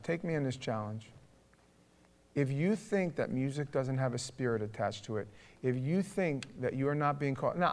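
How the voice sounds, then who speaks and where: A middle-aged man with a New York accent preaching a conversational sermon, emphatic, moving between loud punch lines and quiet asides. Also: medium pitch. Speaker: pastor.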